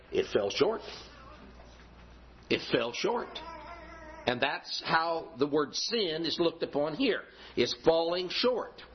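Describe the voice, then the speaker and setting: A middle-aged man preaching a sermon, repeating key phrases slowly for emphasis. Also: a little high. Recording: dull lo-fi recording.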